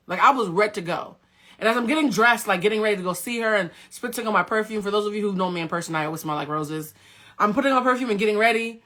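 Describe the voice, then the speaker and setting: A woman telling a story on a livestream in a casual, animated and dramatic way, swearing freely. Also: mid-range voice, quick pace.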